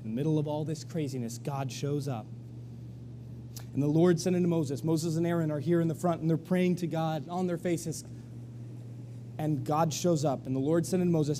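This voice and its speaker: A pastor's sermon comes through a live stream with a faint hum underneath, recorded in the church sanctuary. His voice is high yet very dark and mellow, and his pace a little fast. He tells the story with energy, performing the crowd's lines.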